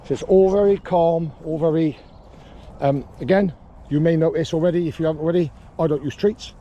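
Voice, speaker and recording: A calm dog trainer works on a small patch of grass, giving brisk, matter-of-fact explanations broken up by sharp shouted commands to the dog. His mellow voice sits slightly higher than typical for a man, faint outdoor noise hums behind him, and the sound is lo-fi.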